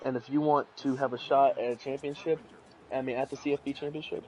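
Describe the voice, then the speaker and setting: A young man casually commentating a football video game, rambling with restarts and sudden excited bursts. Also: medium pitch, fast, low-quality recording. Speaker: play-by-play commentator.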